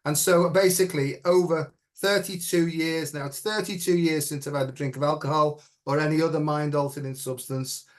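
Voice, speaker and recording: Middle-aged male guest, earnest and reflective, voice sitting a bit high, keeps asking "right?". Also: fairly even intonation, moderate pace, few pauses. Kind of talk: personal story in an interview.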